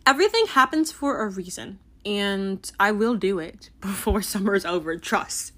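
A woman's voice: medium pitch, expressive, moderate pace, few pauses, bright, forceful tone. A teenage girl chatting casually about books she loved, rambling and giggly with lots of fillers. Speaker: book vlogger. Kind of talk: casual book review chat.

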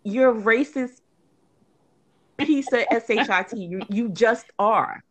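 A woman's voice: fairly high pitch, slow pace. A woman co-hosting a casual podcast discussion, talking emphatically with many restarts and rising into indignant rhetorical questions. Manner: frequent restarts and fillers. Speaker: podcast co-host.

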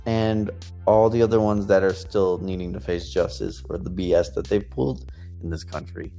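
A man co-hosting a podcast in casual chat, joking and animated, swearing now and then. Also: sits low, moderate pace, vocal fry, soft background music. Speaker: podcast co-host.

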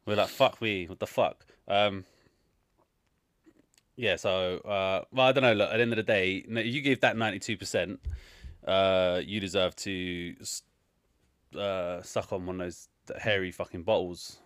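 A man co-hosting a film review podcast, talking in a profane, excitable way with loud outbursts. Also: sits low, moderate pace, long pauses, smooth, no room sound, studio quality. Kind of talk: casual chat.

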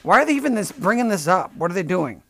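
A man's voice: high voice, sing-song, fast talker, fairly bright tone. A man hosting a comedy podcast, delivering a sarcastic, profane, rambling rant. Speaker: podcast host.

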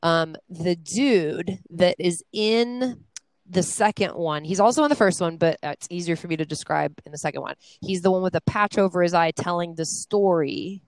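Chatty nasal woman, low and clear. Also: normal speed, dry recording, low-quality recording. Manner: chatty, laughs often, rambling asides. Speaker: podcast co-host. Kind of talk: casual chat.

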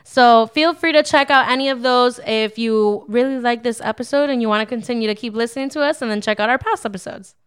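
A young adult woman co-hosts a casual Christian podcast, talking fast with few pauses in a fairly high, clean voice. She's upbeat, a little preachy, and laughs often during the faith-based chat.

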